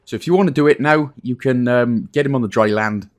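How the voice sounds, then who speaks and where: A man's voice: mid-range voice, brisk. A man from Wales hosting a casual game walkthrough, chatty and self-deprecating, with jokey asides. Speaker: gaming guide host.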